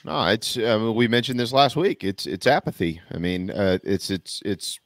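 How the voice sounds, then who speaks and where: A man's voice: lowish voice, moderate pace, no echo, studio quality. A man co-hosting a sports podcast, talking casually and emphatically with many repeated restarts. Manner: emphatic, repetitive restarts, lively.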